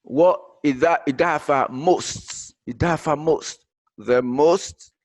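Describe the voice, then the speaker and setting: Slow, halting male teacher. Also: fairly high pitch, no room sound. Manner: slow, halting, with many fillers and repeated words. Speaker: English teacher. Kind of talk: grammar lesson mixing English and Arabic explanation.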